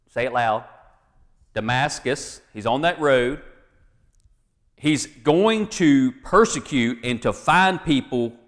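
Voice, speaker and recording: A man's voice: mid-range voice, fairly bright tone, long reverb tail. A man preaching a sermon as pastor, reading scripture with folksy asides and jokes to the congregation.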